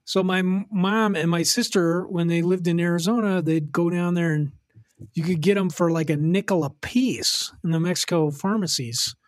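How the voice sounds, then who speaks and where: A middle-aged man co-hosts a podcast, telling stories with animation and teasing his partner. His voice sits a little high for a man. The recording is dry and close. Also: no echo. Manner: animated storyteller, quick to laugh and tease. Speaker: podcast co-host. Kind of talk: casual chat.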